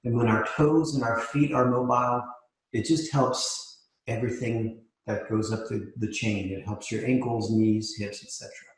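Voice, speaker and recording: A man leading a live mobility class as yoga instructor, calmly cueing each step while demonstrating. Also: medium pitch, normal speed. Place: yoga studio. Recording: echoey room.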